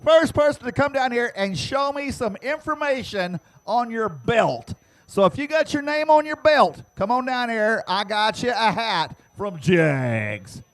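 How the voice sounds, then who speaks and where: A man announcing prize giveaways to the crowd at an outdoor dirt racetrack, teasing fans and shouting to get them to answer. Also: very high-pitched, big pitch swings. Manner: loud, teasing, drawn-out shouting. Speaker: track announcer giving away prizes.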